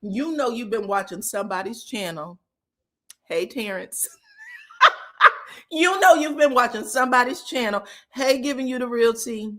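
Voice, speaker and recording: A woman hosting a casual reality TV recap, animated and profane, acting out quotes with loud outbursts and laughter. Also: a little high, moderate pace.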